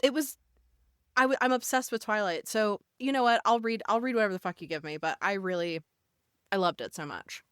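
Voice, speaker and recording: A woman's voice: mid-range voice, a little fast, a bit bright, clear, resonant tone, dry recording. Podcast guest, woman, emphatic fan gush with swearing, dry close mic. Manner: gushing, emphatic, swears freely. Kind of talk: casual chat.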